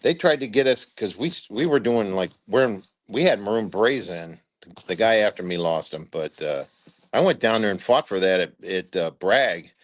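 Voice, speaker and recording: A man's voice: fairly low pitch, expressive, moderate pace. Older man telling army stories with fillers. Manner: rambling anecdotes with acted-out quotes and many "uh" fillers. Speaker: retired brigadier general telling war stories. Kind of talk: casual storytelling interview.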